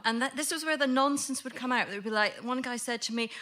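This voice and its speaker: Young Scottish woman, high bright voice, chatty anecdote-telling panelist. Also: lively intonation, fairly quick, slight background noise. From Scotland. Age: 20s. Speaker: comedy panelist.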